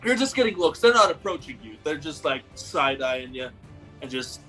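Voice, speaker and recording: A man narrating as game master of a tabletop game, relaxed and hesitant with many fillers. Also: fairly high pitch, moderate pace, soft background music.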